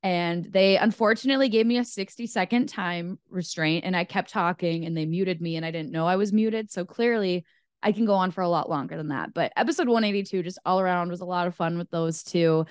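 A woman hosting a podcast in casual chat, voice hoarse and scratchy, rambling and bubbly. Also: fairly low pitch, brisk, no echo, clean studio sound. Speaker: podcast host.

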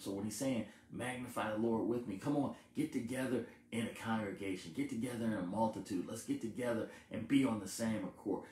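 A man preaching a conversational Bible-study sermon. He keeps checking in with "okay?" and lifts his voice to stress a point. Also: darkish tone. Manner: rises in pitch and volume for emphasis. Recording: echoey room with faint hiss.

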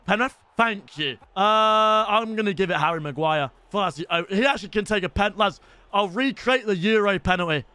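Young guy streaming a football game, high bright voice, jokey and loud, keeps calling out to the lads. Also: moderate pace, clear, resonant tone, no echo. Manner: excitable, shouts at goals, addresses viewers as lads. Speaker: gaming streamer. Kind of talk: casual live-stream commentary.

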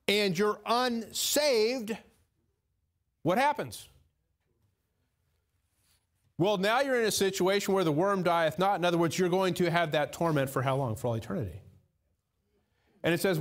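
A man preaching a sermon in church, emphatic and full of rhetorical questions, dropping to low asides and jumping up in pitch to stress key words. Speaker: pastor.

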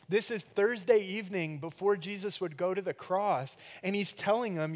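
A male pastor giving a sermon in a casual, jokey and animated way, shifting into prayer. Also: sits high, fairly quick, few pauses. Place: church sanctuary.

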